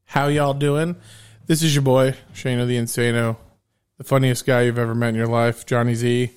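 A man's voice: mid-range voice, little pitch movement, normal speed, clear, resonant tone. A man co-hosting a podcast in casual chat, brash, joking and profane. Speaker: podcast co-host.

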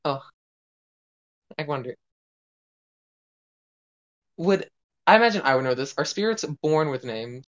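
A tabletop game player who describes their actions hesitantly and often pauses to search for words. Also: mid-range voice, lively intonation, highs cut off.

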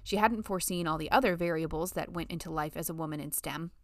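A woman reading a novel as an audiobook narrator, in a measured storytelling manner. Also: deep voice, dry recording, studio quality. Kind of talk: scripted narration.

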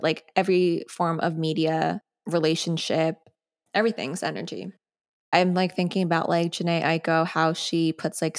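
A young woman in her twenties talks through her thoughts on her own podcast. Her voice sits a little low, and her speech is loose and conversational, full of "like" and quick side tangents. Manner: chatty, sidetracked, frequent "like". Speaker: podcast host. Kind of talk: casual solo podcast talk.

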